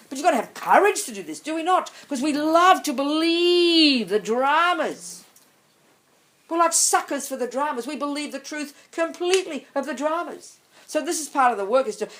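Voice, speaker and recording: A woman, a Buddhist nun, giving an animated dharma talk and answering audience questions. She often checks that listeners follow and calls them darling. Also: sits high, moderate pace.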